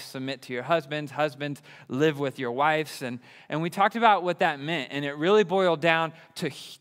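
A young man preaching with bubbly enthusiasm. His voice sits a bit high, and it rings out through a reverberant hall. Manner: enthusiastic, excitable. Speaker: pastor. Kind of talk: sermon.

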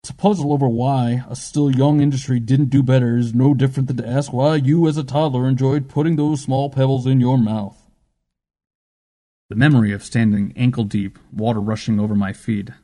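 A man reading scripted fiction aloud in a measured, steady way. His voice is mellow and dark, at a middle pitch for a man, with an even, unforced delivery. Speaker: narrator. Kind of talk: scripted audiobook narration.

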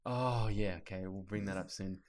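A man co-hosting a podcast in casual chat, ranting in an animated way and swearing when annoyed. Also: low voice, moderate pace. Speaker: podcast co-host.

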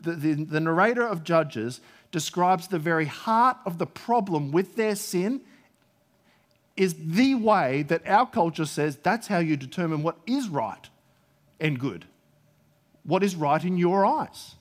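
A man's voice: fairly high pitch, expressive, a little slow. Man preaching a conversational sermon. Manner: conversational with asides, stammering restarts.

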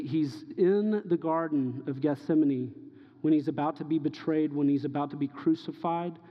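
A man preaching a sermon, his voice a bit high for a man. He acts out the lines he quotes, rising loud and dropping to near hushes, and the long reverb of a hall trails after his words on a dull-sounding recording. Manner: impassioned preaching, acting out quoted dialogue, swinging loud and soft. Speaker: pastor.

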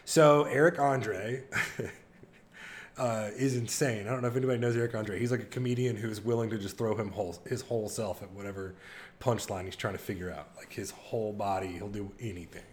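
Excitable man telling a story. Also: on the low side, brisk. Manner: excited storytelling with laughs and impressions. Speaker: podcast co-host. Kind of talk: casual chat.

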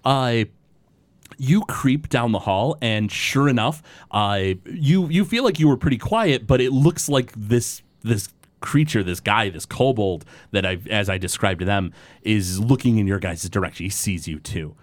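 A man's voice: lowish voice, animated, measured pace, no echo. Rambling man running a tabletop game. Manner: rambling, full of fillers and restarts. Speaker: game master.

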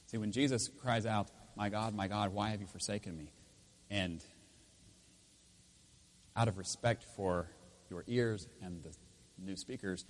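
A man preaching a sermon as pastor in a church, swinging between loud emphatic lines and quiet intense ones. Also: fairly low pitch, vocal fry, slightly rough. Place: church with speakers.

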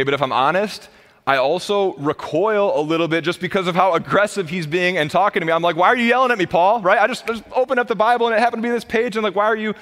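A man in his thirties preaching a sermon as pastor, impassioned, rising to loud pleas and dropping to low, quiet emphasis. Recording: long hall reverb.

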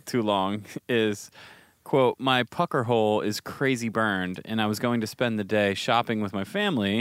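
A man's voice: on the low side, a bit bright, clean tone, no room sound, studio quality. A man co-hosting a podcast, talking in a laid-back, teasing way. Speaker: podcast co-host. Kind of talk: casual chat.

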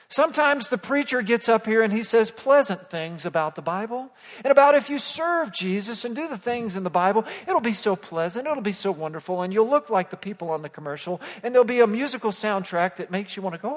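Pastor guy preaching, kinda high voice, goes quiet then loud, big church echo. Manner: expository preaching with calls to the congregation; swings from hushed to loud emphasis. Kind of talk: sermon. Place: church sanctuary. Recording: long hall reverb.

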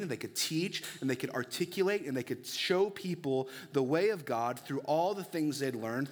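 A young man preaching a sermon as pastor, earnest and conversational, with casual fillers between points. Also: on the high side.

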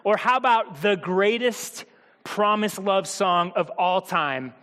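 A man's voice: high voice, slow pace, a bit bright. A man preaching a sermon in a humorous, conversational way, speaking directly to the congregation in a church. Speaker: pastor. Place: church hall. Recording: long hall reverb.

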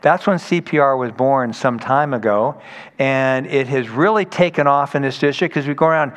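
A man's voice: mid-range voice, normal speed. Conversational man preaching in a reverberant hall. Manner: conversational, storytelling with acted quotes. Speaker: pastor. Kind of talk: sermon.

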